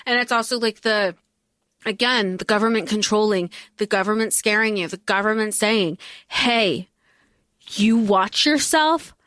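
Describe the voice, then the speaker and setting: A woman's voice: mid-range voice, fairly even intonation, normal speed, fairly bright tone, no echo. A woman co-hosting a podcast, talking through a movie in emphatic, casual chat that mixes swearing with thoughtful analysis. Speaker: podcast co-host.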